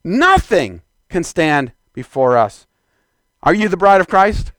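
A man preaching a fervent sermon in a church, exhorting the congregation and shouting declarations. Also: high-pitched, very animated, takes it slowly, no room sound.

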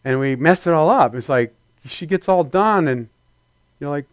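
Playful preacher with a dry close sound. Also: male voice, fairly high pitch, animated, normal speed, smooth, no room sound. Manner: conversational, playful, acts out little scenes in put-on voices. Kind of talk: sermon. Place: church before a congregation.

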